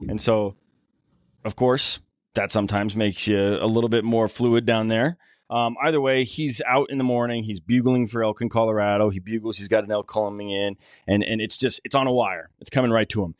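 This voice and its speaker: A man's voice: on the low side, steady tone, normal speed, no echo, clean studio sound. A man hosting a podcast, chatting in an easygoing way and sharing a story. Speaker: podcast host. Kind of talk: casual chat.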